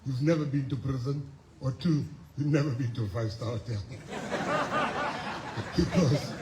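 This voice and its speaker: A man's voice: mid-range voice, very animated, heavy background noise. South African man speaking in an echoey hall. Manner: emphatic storytelling with repeated phrases and pauses. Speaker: guest speaker at a school. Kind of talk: motivational speech. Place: school assembly hall. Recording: echoey hall with faint ambience.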